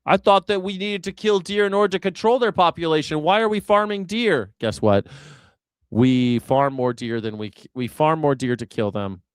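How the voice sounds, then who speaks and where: Rambling jokey guy hosting a live stream, smooth clear voice, dry close mic. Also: on the high side, moderate pace, no echo. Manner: rambling, joking riffs. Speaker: host. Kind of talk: casual live-stream commentary.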